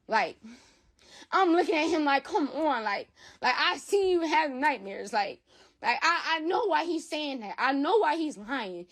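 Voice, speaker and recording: Woman talking straight and swearing a lot, kinda high voice, keeps repeating herself. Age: adult with a school-age son. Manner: blunt, profane, repeats herself. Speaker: interview guest. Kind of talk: candid retelling of a personal dispute.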